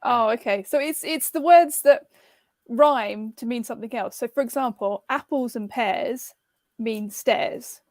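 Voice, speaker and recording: A woman's voice: on the high side, a little slow, no room sound, clean studio sound. A woman, a guest on a casual chat podcast, agreeing easily and explaining things plainly.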